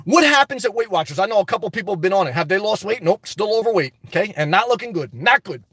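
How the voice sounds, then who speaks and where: A man's voice: high voice, animated, fast, a bit bright, slightly rough, no room sound. A man hosting a livestream, reading viewer comments aloud in rambling, preachy talk and laughing often. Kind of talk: casual live chat.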